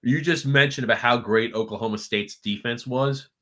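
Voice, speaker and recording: A man co-hosting a casual college football watchalong podcast, excitable and prone to high-pitched outbursts. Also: moderate pace. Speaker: podcast co-host. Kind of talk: casual game watchalong chat.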